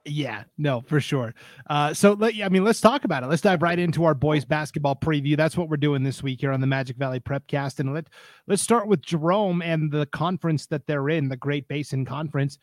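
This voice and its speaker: A young adult man hosting a casual high school sports podcast, upbeat and joking with his co-host. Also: brisk, dry recording.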